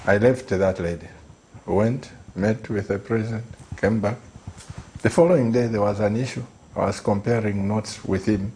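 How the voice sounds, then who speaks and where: A middle-aged man speaks as a pastor, telling his story in earnest with a low, mellow voice. He pleads and repeats phrases to drive them home. A faint hiss of noise sits under the recording. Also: steady tone, normal speed. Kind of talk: earnest storytelling on a talk show.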